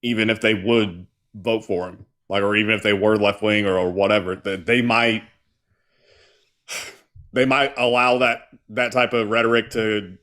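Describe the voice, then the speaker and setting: A man's voice: lowish voice, fairly even intonation, a little slow, a bit bright. Skeptical male co-host. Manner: skeptical, pressing. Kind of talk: live call-in show.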